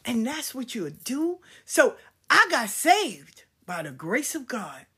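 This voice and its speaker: Husky-voiced woman telling a fiery personal story. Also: a little high, sing-song, takes it slowly, sharp tone. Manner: blunt, profane, fiery.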